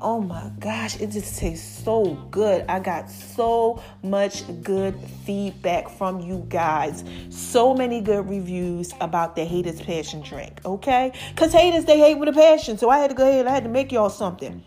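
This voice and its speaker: A woman hosting her own podcast, talking to listeners in a chatty, affectionate, drawn-out way with lots of asides. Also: mid-range voice, lively intonation, warm tone, faint music behind. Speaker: podcast host. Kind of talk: casual podcast monologue.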